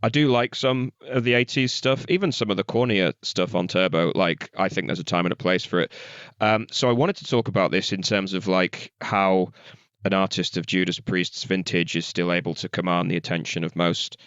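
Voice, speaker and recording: A man's voice: sits low, normal speed, a bit bright, clear, resonant tone, no echo, muffled recording. A man co-hosting a podcast, chatting loosely about music with lots of "like" and the odd swear. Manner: loose, chatty, frequent "like" and profanity. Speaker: podcast co-host. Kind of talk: casual music chat.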